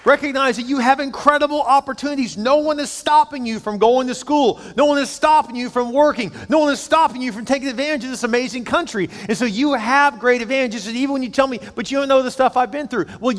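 High-voiced man preaching in a hall. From United States. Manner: conversational preaching, acts out quoted voices. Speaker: pastor. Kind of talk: sermon.

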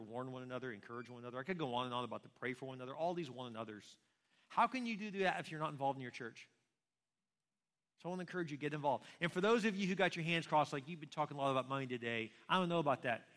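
A pastor with a slightly bright voice on the high side preaches a conversational sermon packed with rhetorical questions. The recording carries the long reverb of a large hall.

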